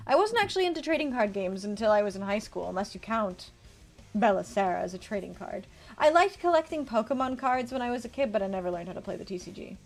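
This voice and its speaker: A woman's voice: medium pitch, animated, fast talker, faint music behind. A young woman streaming casually, chatting with her viewers and reading card text aloud as she builds a deck. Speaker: VTuber streamer. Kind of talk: casual livestream chat while deckbuilding.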